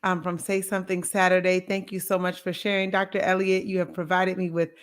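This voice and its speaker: A woman's voice: fairly low pitch, little pitch movement, a little fast. A woman hosting an interview, eager and agreeable, with hesitant fillers. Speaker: podcast host. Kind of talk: conversational interview.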